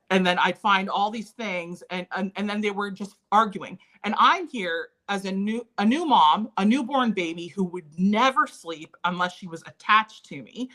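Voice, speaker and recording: A woman's voice: fairly low pitch, sharp tone. Earnest woman sharing a personal story. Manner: candid, earnest, recounting painful memories. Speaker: interview guest.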